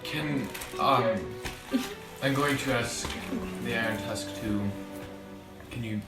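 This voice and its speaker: Brief: woman player, very deep voice, lively pitch, heard from far off in a roomy room under loud music. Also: slow pace. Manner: polite, hesitant requests. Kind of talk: casual tabletop play. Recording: distant echoey mic over loud music.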